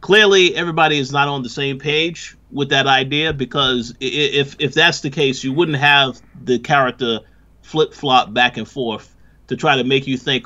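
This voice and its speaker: A man with a bright, forward voice co-hosts a podcast review. He argues his points step by step in a critical, analytical way. The audio sounds dull and lo-fi, at a middle pitch. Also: fairly even intonation, normal speed. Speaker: podcast co-host. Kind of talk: casual review chat.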